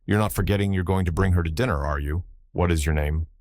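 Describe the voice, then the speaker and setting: A man reads the part of an overbearing, lecherous older baronet in a storybook reading, husky and insistent. The voice sits very low and dry, with close, plain sound. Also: quick pace, a little mellow, no echo, natural voice. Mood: domineering. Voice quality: husky, pushy.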